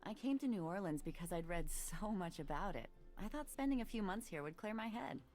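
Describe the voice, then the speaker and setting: An actress playing a sharp-tongued young woman in her twenties who works at a bookshop, trading dry, sarcastic put-downs in a voiced adventure game. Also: medium pitch, lively intonation, a little fast, faint music behind, lightly acted. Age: 20s. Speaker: game character.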